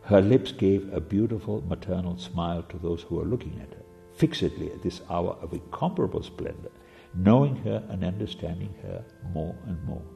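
A man giving a devotional sermon, halting and full of fillers and restarts. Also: sits low, gravelly, dark tone. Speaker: preacher. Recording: long reverb with faint music.

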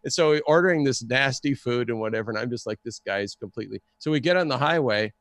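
A man telling a story in a casual, excitable way and acting out the people he quotes. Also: mid-range voice, fast talker, no room sound. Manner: animated, acts out the people he quotes. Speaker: guest storyteller.

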